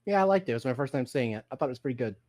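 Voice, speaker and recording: Co-host chatting about movies, super animated voice, laughs a lot. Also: mid-range voice, racing. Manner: animated, laughing, mimics characters. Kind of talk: casual chat about movies.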